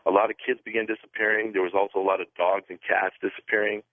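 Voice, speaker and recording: Male caller from the Pacific Northwest, low-pitched, halting and repetitive delivery, heard over a narrow phone line. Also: flat delivery, dry recording. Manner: halting, repeats words and restarts while telling a story. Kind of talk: telling a story on a call-in radio show. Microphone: telephone.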